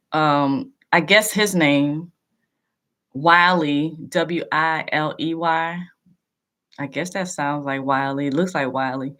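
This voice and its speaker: A woman's voice: deep voice, a bit bright. A woman hosting a casual live stream from home into a laptop, talking bluntly and with some profanity, teasing and chatty.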